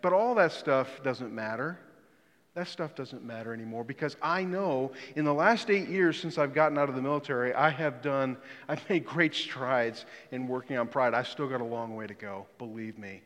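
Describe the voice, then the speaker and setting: A middle-aged man preaching a sermon as a pastor, earnest and emphatic, often dropping to a quiet, low voice to stress a point. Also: normal speed. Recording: long reverb of a large hall.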